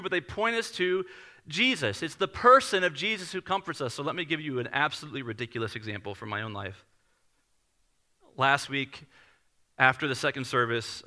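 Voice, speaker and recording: A man's voice: medium pitch, bright, forceful tone. A man in his thirties, a pastor preaching a sermon to a congregation in a conversational, self-deprecating storytelling manner.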